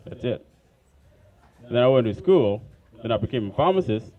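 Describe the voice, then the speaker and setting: A man's voice: medium pitch, moderate pace, dull audio. A man with an African accent doing a blunt, profane stand-up comedy set on a club stage. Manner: blunt, profane, animated storytelling.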